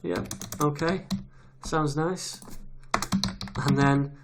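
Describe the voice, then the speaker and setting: In a screen-recorded coding tutorial, a man with a fairly high voice teaches web development in a casual, chatty way. His tone is steady and he draws out his words, reading details aloud as he types, with keyboard clicks audible throughout.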